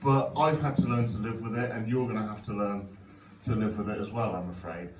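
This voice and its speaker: Taped from a distance in an echoey comedy club with a little hiss or hum, this stand-up set comes from a man in his forties. His lowish voice holds a steady tone and runs a little fast as he tells self-mocking, sweary stories to a laughing crowd.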